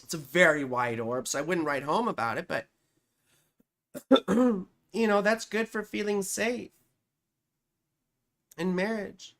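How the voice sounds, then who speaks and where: A woman's voice: fairly low pitch, animated, a little slow, creaky, long pauses. A woman astrologer giving a casual live-stream reading, chatty and profane, who keeps answering her chat.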